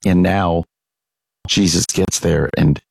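Deep gravelly-voiced male preacher. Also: steady tone, takes it slowly, a little mellow, no room sound, low-quality recording. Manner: conversational, reads a devotional then reflects aloud with restarts. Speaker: pastor. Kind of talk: devotional sermon.

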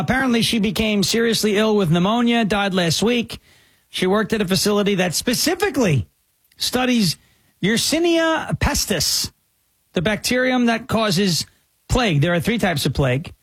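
A man with a high, husky voice reacting to the news with biting sarcasm and disbelief. The sound is close and dry, with no room around it. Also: expressive, normal speed, no room sound. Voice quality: sarcastic, incredulous. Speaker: commentator.

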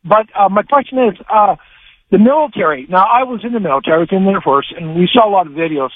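A man's voice: high-pitched, lively intonation, quick pace, no room sound. Rambling male caller on a tinny phone line. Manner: rambling, hesitant delivery. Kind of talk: call-in radio question.

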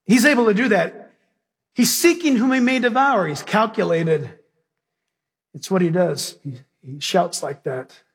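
A male pastor preaching a sermon with animated storytelling, acting out the characters in his stories. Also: sits high, unhurried, husky.

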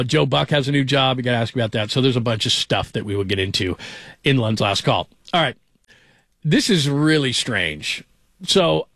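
A man's voice: medium pitch, fairly bright tone, no room sound. Chatty man hosting sports radio, dry. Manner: rambling, chatty, jumps between stories. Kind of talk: casual sports talk radio. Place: radio studio.

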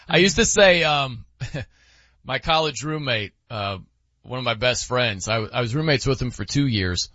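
A man's voice: medium pitch, expressive, unhurried, pushed and bright, dry recording, lo-fi sound. A man hosting a sports radio show, chatting casually in the studio, laughing often and mimicking how people say words.

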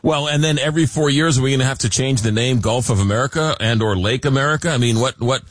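Excitable radio talk host, dry studio sound. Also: male voice, mid-range voice, fast talker, dry recording. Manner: jokey, emphatic, repeats words when excited. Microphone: studio microphone.

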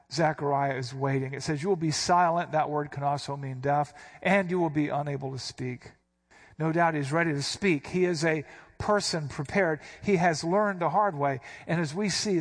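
Slightly high-voiced man preaching. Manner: expository preaching with emphatic quoted lines. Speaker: pastor. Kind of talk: sermon.

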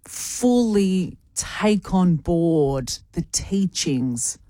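A woman co-hosting breakfast radio, speaking slowly in a low, mellow voice. She chimes in with questions during the chat, close to a studio mic with a dry sound. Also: expressive, dry recording. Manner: thoughtful, questioning, quick to chime in. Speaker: radio co-host. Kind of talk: casual on-air banter. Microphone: studio microphone.

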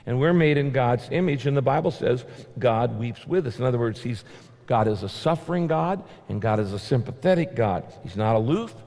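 A man delivers a sermon in a middle-range voice, leaning on repetition and pushing his pitch up hard when he drives a point home. His words ring out with a long reverb, as in a large church hall. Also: lively intonation, a little fast, mellow. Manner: emphatic, repetitive preaching with sudden rises. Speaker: pastor.

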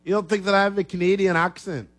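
A man's voice: sits high, fairly even intonation, quick pace, background noise. A man hosting a sports talk radio show, brash and joking as he takes calls and ribs his co-host. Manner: brash, joking, trash-talking. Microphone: studio microphone.

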